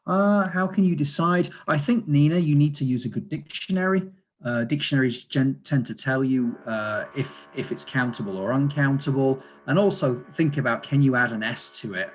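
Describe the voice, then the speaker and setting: A man's voice: mid-range voice, expressive, normal speed, slight background noise. A man, a teacher trainer, explaining grammar in an online lesson over a video call, with frequent fillers and asides about the chat.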